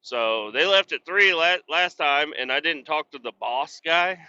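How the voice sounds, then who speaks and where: Man, very bright tense voice, dull lo-fi recording, swearing, rambling driver rant. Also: fairly high pitch, unhurried, smooth. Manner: profane, blunt, exasperated ranting. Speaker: podcast host and truck driver. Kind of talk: rambling casual storytelling. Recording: dull lo-fi sound.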